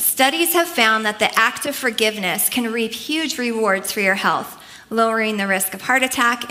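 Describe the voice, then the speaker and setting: Bright-voiced woman preaching a sermon. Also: fairly high pitch. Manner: earnest, conversational preaching with many "like" asides.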